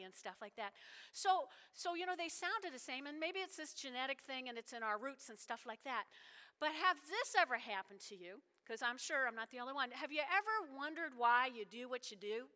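A woman pastor preaching a sermon, telling animated stories and talking directly to her congregation. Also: high-pitched, moderate pace. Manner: animated storytelling with asides to the congregation. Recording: hall reverb.

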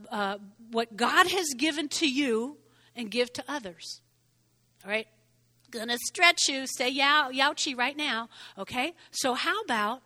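An older woman preaching a sermon in an animated way, often checking in with "okay?" and "all right?". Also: high voice. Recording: reverberant hall.

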